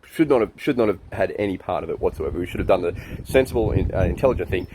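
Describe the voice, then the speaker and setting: Deep-voiced Australian bloke, forties, chuckly rambling storyteller. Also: male voice, expressive, quick pace, dark tone, slight background noise. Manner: chuckling, loose storyteller with many fillers. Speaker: friend giving a birthday message. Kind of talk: rambling anecdote.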